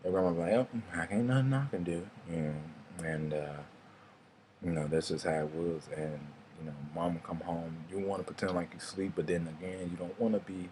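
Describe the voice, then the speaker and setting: Deep-voiced laid-back young man. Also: flat delivery, fairly quick, warm tone, slight background noise. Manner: laid-back, rambling, swears freely. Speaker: vlogger. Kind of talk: casual storytelling monologue.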